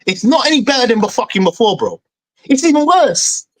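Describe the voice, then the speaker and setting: A young man rants on a football stream, his voice jumping high and dropping low as he swears. He sounds furious and keeps repeating "bro". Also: big pitch swings, brisk, low-quality recording. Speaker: fan show host. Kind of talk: heated football fan rant.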